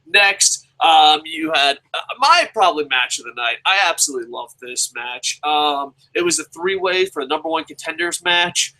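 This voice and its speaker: A man reviewing a wrestling show in a casual, profane rant, his pitch leaping up whenever he gets exasperated. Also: normal speed, rough recording. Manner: profane, animated, swears constantly; jumps sharply in pitch when exasperated.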